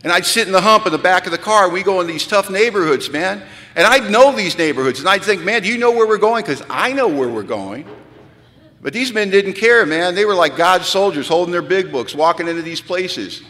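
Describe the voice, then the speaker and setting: Man, 50s, retreat speaker. Animated, self-deprecating storyteller with a bright, tense voice. Recorded in a reverberant hall. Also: high-pitched, fairly quick. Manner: peppers speech with "man". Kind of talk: storytelling talk. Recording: echoey hall with long reverb.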